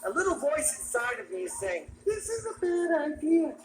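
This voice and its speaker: An actor playing a zany, mischievous male talking cat in film dialogue, manic and shouting. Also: very high voice, big pitch swings, moderate pace, music in the background. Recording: film soundtrack, loud score, distant and roomy.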